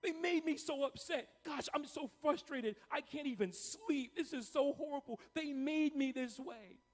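A man preaching, mimicking a self-pitying believer who complains in a slow, drawn-out whine. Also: extremely high pitch, big-room sound, voice pushed up. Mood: whiny.

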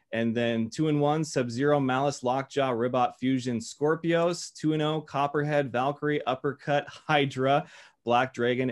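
A man hosting a casual chat, easygoing, leaning on fillers and rattling off lists of names and records. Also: medium pitch. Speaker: host.

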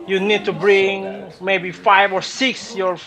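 Slow-spoken man reacting with startled exclaims. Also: high-pitched, little pitch movement, crowd noise, low-quality recording. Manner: slow, halting, exclaiming in surprise. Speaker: reaction video host. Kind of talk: reacting to a video, commentary.

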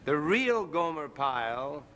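A man hosting a 1960s variety show, briskly and graciously welcoming the audience and introducing guests. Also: on the high side, big pitch swings, heavy background noise. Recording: loud studio audience applause.

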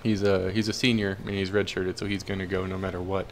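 A man's voice: low voice, little pitch movement, fast, a little hiss or hum. A young man casually commentating his own football video game, cheering and groaning at the plays. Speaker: gaming commentator.

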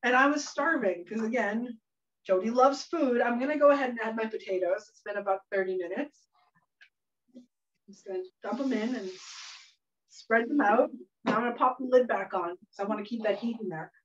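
A woman's voice: on the high side, brisk. A woman hosting a cooking workshop, telling a funny story in a chatty way and laughing often. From Canada. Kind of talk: casual storytelling while cooking. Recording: echoey room, mic at a distance, dull sound.

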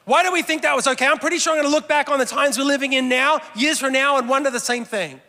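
High, bright-voiced preacher man in a reverberant hall. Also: quick pace. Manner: conversational, self-deprecating humor. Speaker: pastor. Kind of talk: sermon.

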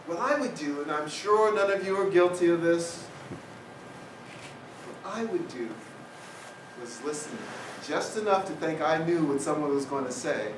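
A man with a fairly high voice tells a humorous personal story to an audience in a lecture hall. He is picked up from a distance, so his voice sounds roomy and echoey. There is a noisy background under his voice. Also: a little slow. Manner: humorous, anecdotal, with wry asides. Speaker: guest speaker. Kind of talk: storytelling public talk.

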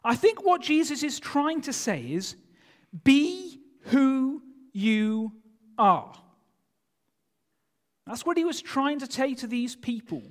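A man preaching a sermon in a church, speaking in an animated way and putting rhetorical questions to his listeners. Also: very high-pitched, normal speed, few pauses. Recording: long church hall reverb.

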